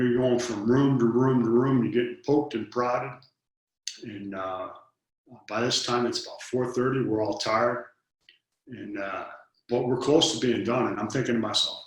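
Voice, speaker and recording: A man's voice: mid-range voice, steady tone, moderate pace, a bit bright. Guy in his 50s telling old stories, acts out the voices, really echoey room. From Detroit, United States. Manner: earnest storyteller, acts out dialogue, repeats words when starting a thought. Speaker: interview guest. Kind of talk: storytelling in an interview.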